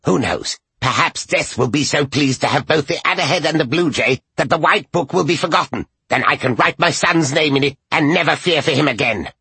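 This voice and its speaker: A man voicing a feverish, scheming old woman with a hoarse, cackling voice, read as an audiobook. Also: lowish voice, sing-song, sharp tone, dry recording, heavily acted. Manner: feverish, rushing, spiteful.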